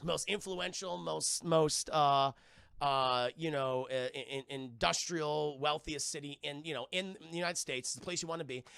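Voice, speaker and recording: A man's voice: on the high side, normal speed, vocal fry, a bit bright, smooth, no echo, clean studio sound. A man streaming a casual, profane scene-by-scene film recap and talking to his chat.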